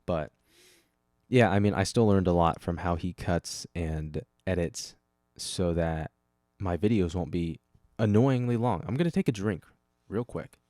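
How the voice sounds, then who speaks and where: A young man with a low, mellow voice talks through a solo podcast in a loose, wandering way. He keeps cutting himself off and tossing in casual swears. The sound is close and dry, with no room around it. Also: a little slow, dry recording. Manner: rambling, self-interrupting, casual swearing. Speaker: podcast host.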